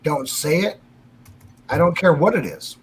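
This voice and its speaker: A man's voice: a little high, expressive, unhurried, a little hiss or hum, low-quality recording. Middle-aged man, swearing storyteller. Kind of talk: casual chat.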